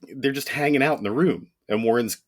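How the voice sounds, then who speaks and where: A man co-hosting a comics podcast in casual chat, relaxed and chuckling. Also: medium pitch, a little fast. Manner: relaxed, chuckling, many fillers. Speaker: podcast co-host.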